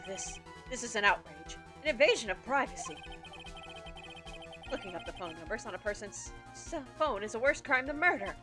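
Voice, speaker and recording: A woman's voice: fairly high pitch, animated, normal speed, close to an everyday voice. A snooty male witness protests with haughty indignation in a video game, his voice leaping about, as a woman puts him on. Game music hums underneath. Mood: indignant.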